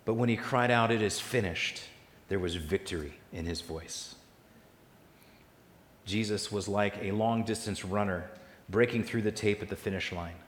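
A man preaching a sermon as pastor, building loud through lists and falling soft and slow on key lines. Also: fairly low pitch, slight background noise. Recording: echoey hall with long reverb.

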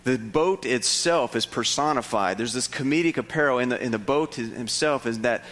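A man preaching a sermon, stirred and lively, asking his listeners rhetorical questions. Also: normal speed, long reverb tail. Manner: animated, rhetorical questions, rising pitch when stirred. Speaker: pastor.

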